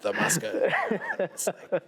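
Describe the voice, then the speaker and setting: A man's voice: slow pace, a loud crowd. A man in his thirties from Cape Cod, a skateboarder guest telling stories in a casual interview, laid-back and swearing freely. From Cape Cod, USA.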